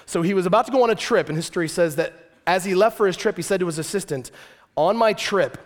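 A male pastor preaching a sermon, telling the story lively with joking asides to the congregation. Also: high voice, quick pace.

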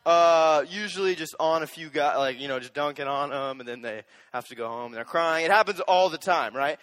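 A young man preaching a sermon as a youth pastor, animated and joking, speaking straight to the audience. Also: on the high side, a little fast, in a large hall.

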